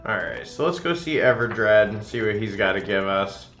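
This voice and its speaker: A man's voice: on the low side, animated, normal speed, a bit bright, echoey room, soft background music. A man hosting a let's-play stream, giving casual commentary in a chatty way and laughing often.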